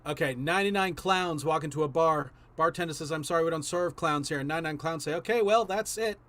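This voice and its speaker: A man with a slightly high voice tells improvised bar jokes and delivers the punchlines flat and low-key. He sounds like he is on a video call. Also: quick pace, dry recording. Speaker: improv performer. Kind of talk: improvised joke-telling.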